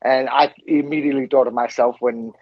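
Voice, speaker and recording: A man co-hosting a podcast, telling a story in an animated way and laughing often. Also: mid-range voice, fairly quick, no room sound, muffled recording. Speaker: podcast co-host. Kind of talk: casual chat.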